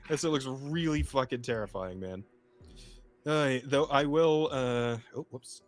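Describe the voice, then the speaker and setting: A man in casual podcast chat, swearing freely and laughing through his reactions. His voice sits at an ordinary middle pitch, and a little music plays faintly under him. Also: unhurried. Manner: profane, laughing, loose rambling. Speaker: podcast co-host.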